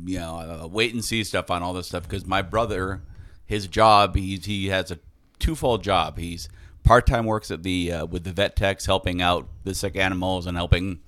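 Low voiced guy from philly, kinda halting, repeats himself. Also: fairly even intonation, fairly bright tone, no room sound. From Philadelphia area. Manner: hesitant, repeats words while thinking. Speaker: podcast panelist. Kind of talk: casual chat.

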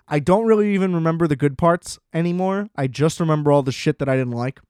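A man's voice: on the high side, a little fast, a little mellow, clean tone, dry recording, studio quality. Profane, sarcastic young man ranting. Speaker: podcast host. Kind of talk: casual solo rant.

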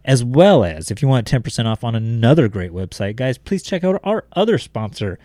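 A man's voice: medium pitch, big pitch swings, normal speed, warm tone, no room sound, clean studio sound. A man hosting a casual podcast, reading sponsor spots in a loose, rambling, joking way. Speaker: podcast host.

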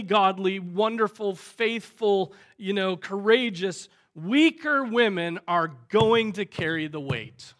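A male pastor preaching a sermon, emphatic, piling up phrases and swinging in loudness. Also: high-pitched, slow pace, few pauses. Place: church sanctuary.

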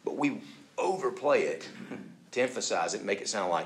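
A man's voice: on the low side, animated, fairly quick, a little hiss or hum. A man preaching a sermon. He talks conversationally, often checks in with the listeners, and acts out the voices of people he quotes. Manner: conversational, asks listeners questions. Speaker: pastor.

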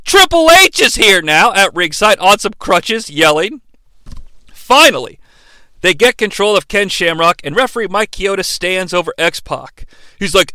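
Animated high-voiced male podcast host. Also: measured pace, no echo. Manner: animated, irreverent, bursts into shouted impressions. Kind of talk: recapping a wrestling broadcast.

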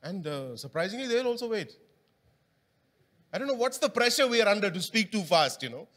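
A man's voice: sits high, big pitch swings, moderate pace, long pauses, fairly bright tone. A man preaching a sermon in a church hall, talking casually and quizzing the congregation. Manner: conversational, engaging the congregation with questions. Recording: long hall reverb.

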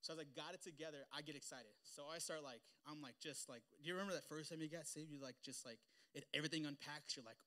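A young man preaching with a bright, slightly high voice. He speaks in a loose, animated, conversational way, weaving personal stories into his sermon and often leaning on "like". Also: fast talker, few pauses. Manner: animated, conversational, heavy use of "like".

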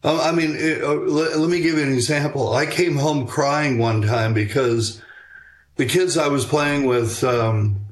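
An older man answering interview questions about raising children in a measured, reflective way, pausing on fillers and restarting sentences. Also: a little high, fairly even intonation. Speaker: guest author on parenting.

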